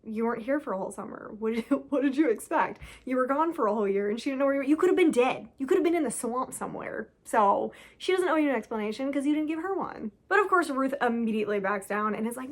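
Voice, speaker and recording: A woman with a slightly high voice talks casually about a book, sounding sarcastic and incredulous. She laughs often and keeps circling back to rhetorical questions. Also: lively intonation, fast, few pauses. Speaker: book reviewer. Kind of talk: casual chat.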